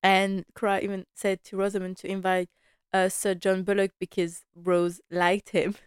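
Chatty woman with a smooth, dry voice. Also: mid-range voice, normal speed, no room sound. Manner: chatty and animated, laughing often, slipping into quoted lines. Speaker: podcast host recapping a TV drama. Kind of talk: casual chat.

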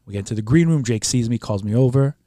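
A man's voice: mid-range voice, fast talker, dry recording, clean studio sound. A man from Canada, a podcast guest, telling a story casually, swearing often and acting out what other people said. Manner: animated, swears freely, acts out what others said. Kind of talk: casual storytelling with quoted dialogue.

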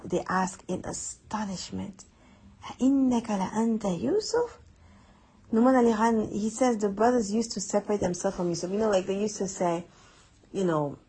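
A woman's voice: mid-range voice, dark tone, breathy edge, rough recording. A woman giving a conversational Quran reflection lesson, earnest and chatty, repeating words for emphasis. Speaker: Quran teacher.

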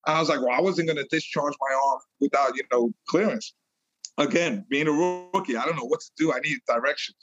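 A middle-aged man from New York telling a story in a casual interview, animated, laughing often and repeating phrases. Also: medium pitch, a little fast, lo-fi sound. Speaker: guest, retired police detective sergeant.

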